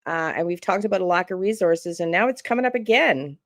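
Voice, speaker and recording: A woman hosting a true crime channel, chatting casually and reacting out loud to a clip and to her viewers. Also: lowish voice, expressive, brisk, no echo, clean studio sound. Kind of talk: casual live-stream commentary.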